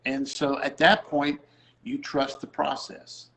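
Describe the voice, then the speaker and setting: A man's voice: mid-range voice, little pitch movement, takes it slowly, vocal fry, bright, forceful tone, poor audio. A middle-aged man, a music producer, chatting about faith and music and acting out the people he quotes as he tells a story. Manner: storytelling, acts out quoted voices. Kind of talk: casual faith talk.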